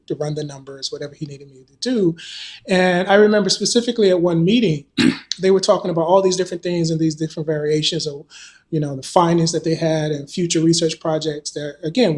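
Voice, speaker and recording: Thoughtful professor from North Carolina. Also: male voice, on the high side. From North Carolina, USA. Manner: thoughtful, many "you know" fillers. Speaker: professor and guest. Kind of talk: panel interview answer.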